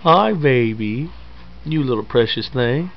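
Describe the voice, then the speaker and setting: A woman's voice: rumbling low, animated, slow pace, dull audio. A mother talking doting, sing-song baby talk to her infant son at home.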